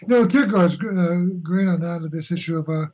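An older man, a philosopher guest on a remote call, talking in halting, searching sentences with many restarts. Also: on the high side, mellow, poor audio. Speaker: guest, philosopher and boxing coach. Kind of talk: conversational interview.

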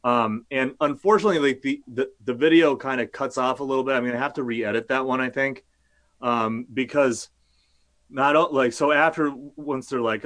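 A man's voice: medium pitch, moderate pace, a bit bright. A male journalist talking casually as an interview guest, rambling with many fillers and restarts, and cursing now and then.

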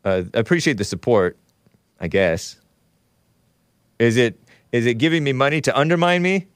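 Male call-in show host, animated and wry, mid pitch, dry close-miked sound. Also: normal speed, clean tone, no echo. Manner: animated, laughing, sighing, groaning in disgust. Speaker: show host reading super chats. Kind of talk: casual live-stream talk.

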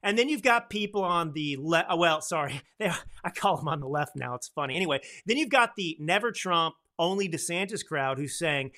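A man's voice: on the high side, animated, a little fast, hardly any pauses, sharp tone. A man in his thirties hosting a political commentary podcast, talking emphatically and checking in with his producer. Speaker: podcast host.

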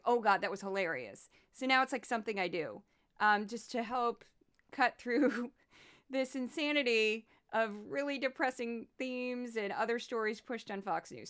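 Brief: woman podcast host, bright, crisp voice, chatty and sarcastic. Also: fairly high pitch. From southern United States. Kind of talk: casual commentary.

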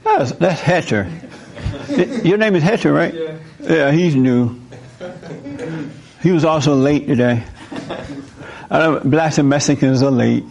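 A man's voice: a little high, measured pace, creaky, pauses often, crowd noise. A man hosting a live talk, delivering a preachy monologue and asking the room questions. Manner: animated, asks the audience questions. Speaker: host speaking to a live audience.

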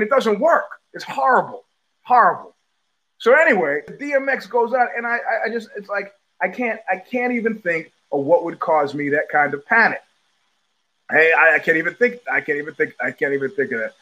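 A middle-aged man runs his own live show from home as a podcast host, delivering a rambling monologue full of loose digressions, frequent restarts, blunt profanity and quick laughs. His voice is high and a bit bright, and the recording quality is low.

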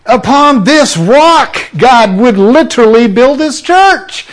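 A man preaching a sermon, emphatic and full of rhetorical questions, sometimes dropping into quiet asides. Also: very high-pitched, lively intonation, slow.

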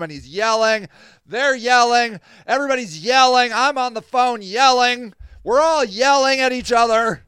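High-voiced man telling an exasperated story. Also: unhurried, clear, resonant tone, dry recording, clean studio sound. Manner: animated, exasperated, swears freely; laughs between lines. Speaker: podcast host. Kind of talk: casual storytelling monologue.

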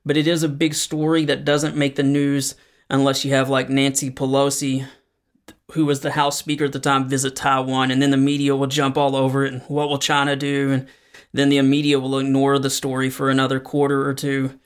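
A podcast host talks through current affairs alone in a solo news commentary show, keeping it conversational and dropping in frequent fillers. His medium-pitched voice is clear and resonant but monotone, and he speaks fairly quickly.

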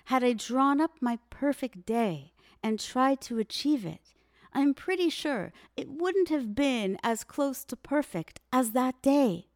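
A woman's voice: high voice, expressive, slow pace, darkish tone, dry recording, clean studio sound. A woman hosting a podcast, telling a story in an earnest, reflective monologue and speaking straight to the listener. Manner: earnest, addresses the listener directly. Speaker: podcast host.

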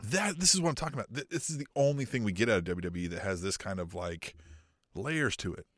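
A man co-hosting a podcast in casual chat, animated, swearing freely and acting out lines. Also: on the low side, fast, dry recording, clean studio sound. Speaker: podcast co-host.

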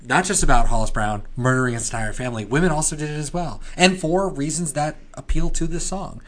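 A man co-hosting a casual podcast, reading old newspaper headlines in a loud old-time newsboy voice between chatty asides. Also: fairly high pitch, fairly quick. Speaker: podcast co-host.

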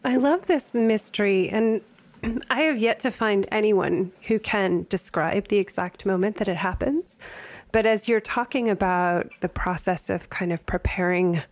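A woman's voice: mid-range voice, a little slow, no echo. A woman hosting a conversational interview, reflecting thoughtfully on the writing process. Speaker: podcast host.

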